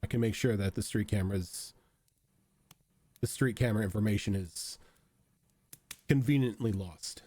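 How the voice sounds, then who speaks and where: A man's voice: lowish voice, moderate pace, pauses often, dark tone, no echo, lightly acted. A man voicing a confident, tech-savvy helper character in a tabletop game.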